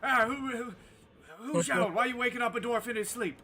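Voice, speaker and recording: A man's voice: very high voice, brisk, pitched above the performer's own voice, full character voice. A man doing a grumpy, startled dwarf. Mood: indignant. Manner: flustered, indignant shouting.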